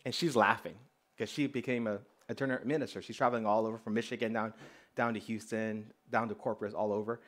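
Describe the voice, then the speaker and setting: A man preaching as a pastor, telling a personal story in an animated way and acting out the dialogue. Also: lowish voice, fast talker. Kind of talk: storytelling sermon.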